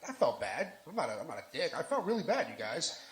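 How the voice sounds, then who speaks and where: A man's voice: on the high side, sing-song, fast, a bit bright, soft background music. A man doing a live stand-up set on a lounge stage, telling raunchy, self-deprecating stories into a stage mic. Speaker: stand-up comedian. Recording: echoey lounge with background noise.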